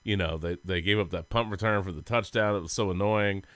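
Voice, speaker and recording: A man's voice: low voice, fairly quick, fairly bright tone, dry recording. A man co-hosting a sports podcast, telling rambling, goofy stories in casual chat and laughing often. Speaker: podcast co-host.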